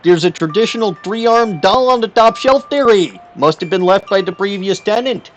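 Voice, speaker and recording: A man's voice: high voice, animated, normal speed, soft background music. A man voicing a folksy, stubborn Canadian braggart with a put-on Canadian accent, ending every sentence with "there, eh?". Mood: hammy folksy. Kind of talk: comic game-stream voice.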